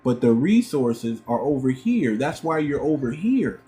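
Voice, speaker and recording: A man's voice: mid-range voice, sing-song, measured pace, dark tone, a little hiss or hum. A man from the United States hosting a livestream, talking emphatically, repeating himself and firing off rhetorical questions. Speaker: livestream host. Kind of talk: livestream commentary.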